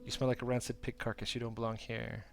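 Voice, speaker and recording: A hateful female tree spirit from a video game, read aloud by a man, spitting out scorn and threats. The voice is gravelly and even, with hardly any acted change. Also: medium pitch, quick pace, soft background music, close to an everyday voice. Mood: scornful.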